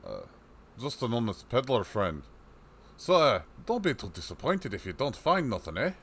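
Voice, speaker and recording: A man's voice: mid-range voice, very animated, normal speed, fairly bright tone, husky, heavily acted. A man doing a chatty old peddler. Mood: folksy. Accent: put-on rustic accent. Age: older. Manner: rustic folksy dialect, rambling storyteller. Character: chatty old male peddler, folksy and shrewd. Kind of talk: reading game dialogue aloud on a livestream.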